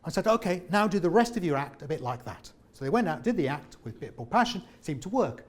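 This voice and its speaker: A man, a former comedian, leading a lively interactive workshop on presenting and asking the audience questions. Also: fairly high pitch, fast. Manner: animated, jokey, questions the audience. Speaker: presentation trainer. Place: meeting room with an audience.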